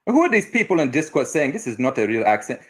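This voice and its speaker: A man's voice: medium pitch, very animated, fast, husky. A man putting on a Ugandan accent in broken, formal English, chatting on a stream. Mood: defensive. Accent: put-on Ugandan. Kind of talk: casual stream chat.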